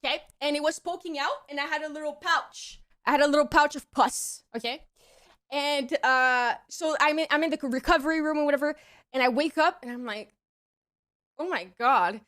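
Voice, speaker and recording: A young woman streamer casually telling a story to her chat, acting out the quoted lines in squeaky high voices. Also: fairly even intonation, brisk, a bit bright.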